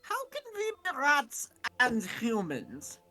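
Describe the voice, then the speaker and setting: A man reading aloud and voicing an eccentric male army doctor in a slow, drawn-out, sing-song way. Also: very high voice, wildly swooping pitch, pushed and bright, faint music behind, pitched above the performer's own voice, exaggerated voice. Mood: puzzled.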